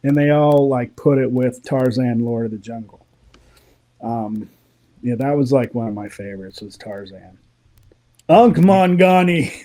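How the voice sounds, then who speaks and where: A man, a guest in a casual interview, telling animated, opinionated stories and laughing often. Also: mid-range voice, moderate pace.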